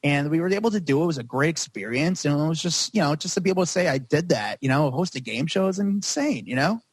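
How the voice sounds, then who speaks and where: Man, podcast guest, rapid rambling storytelling, dry close sound. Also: a little high, expressive, husky, dry recording. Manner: rapid, rambling, heavy use of "like". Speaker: paparazzo guest.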